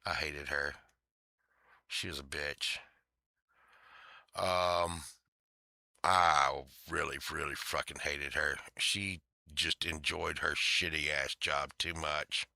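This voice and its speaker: A man's voice: very deep voice, fairly even intonation, slow pace, vocal fry, bright, forceful tone, no echo, clean studio sound. A man telling a story in an angry, swearing rant, acting out the other people in it. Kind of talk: casual profane storytelling rant.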